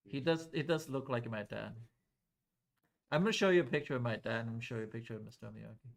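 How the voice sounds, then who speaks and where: A man's voice: mid-range voice, quick pace, gravelly, a little hiss or hum. A man teaching calculus to a live class in a loose, conversational way, often checking whether students follow.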